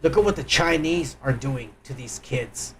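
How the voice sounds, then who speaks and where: A man's voice: medium pitch, animated, moderate pace, heavy background noise. A man hosting a livestream, reacting to clips in crude, mocking, profane commentary aimed straight at his viewers. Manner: crude, loud, mocking, addresses viewers directly. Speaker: livestream host.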